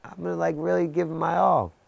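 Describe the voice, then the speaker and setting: A man's voice: a little high, little pitch movement, quick pace, gravelly, no echo, lo-fi sound. A man in his thirties giving an intense personal testimony about addiction and recovery, building his story with rhetorical questions. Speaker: recovery speaker.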